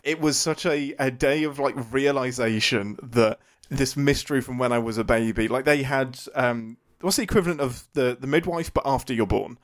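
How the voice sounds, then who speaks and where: A man's voice: mid-range voice, normal speed. A young man co-hosting a podcast, telling a story in casual chat and laughing often. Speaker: podcast co-host.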